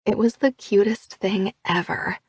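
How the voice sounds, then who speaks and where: Woman, audiobook narrator, expressive storytelling, mid pitch, dry close voice. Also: unhurried, slightly rough, no echo. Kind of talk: first-person audiobook narration.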